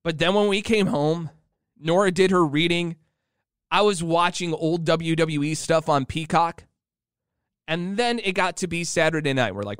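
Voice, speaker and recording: A man's voice: fairly high pitch, moderate pace, a bit bright, clear, resonant tone, dry recording, studio quality. A man hosting his own show, telling a story in a rambling, chatty way. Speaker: show host. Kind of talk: casual monologue.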